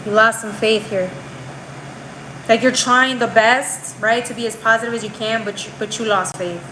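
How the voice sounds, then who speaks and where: A woman's voice: a little high, fairly even intonation, normal speed, noisy background. A woman giving a live tarot reading in a chatty, slangy way. She keeps tagging her lines with "right?" and often restarts or trails off mid-phrase. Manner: slangy, calls the viewer girl and bro. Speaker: tarot reader.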